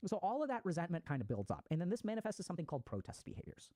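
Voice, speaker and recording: A man who is a psychiatrist, explaining attachment to an online audience in a casual lecture, conversational and quick, with swearing and gaming slang. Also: high-pitched, huge pitch swings, dark tone, dry recording.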